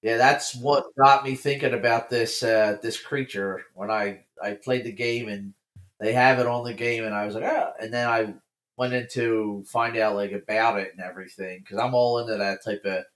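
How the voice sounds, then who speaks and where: A man guesting on a chatty podcast, recounting folk legends with an even, storytelling delivery. His voice carries a noticeable echo from the room around him. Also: on the low side, normal speed. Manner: reads folklore facts in an even storytelling way. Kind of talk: casual podcast chat.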